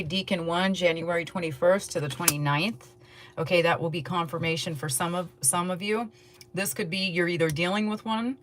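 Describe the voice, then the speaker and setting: A woman giving a casual, rambling tarot reading to her viewers, chatting in a relaxed way and yawning now and then. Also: on the low side, slight background noise. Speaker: tarot reader.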